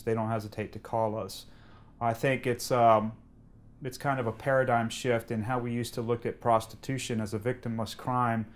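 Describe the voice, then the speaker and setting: A male police officer speaks in a measured, explanatory way during an interview. His voice sits low and stays flat, with little rise and fall.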